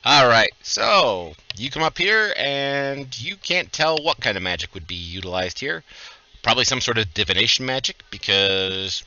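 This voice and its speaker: A man acts as game master for a livestreamed tabletop game, joking casually while giving quick instructions over voice chat. His medium-pitched voice is animated, bright, and forceful, and the sound is lo-fi.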